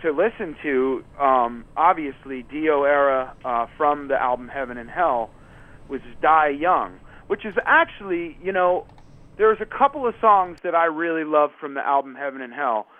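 A touring musician guest telling rambling stories in a casual interview, full of fillers and restarts. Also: male voice, a little high, expressive, moderate pace. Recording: tinny phone-line audio.

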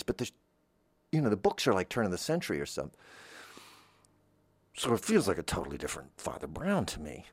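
Man rambling in a lively comic monologue. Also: medium pitch, dry recording, clean studio sound. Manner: meandering, trails off and restarts, self-deprecating asides. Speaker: podcast host.

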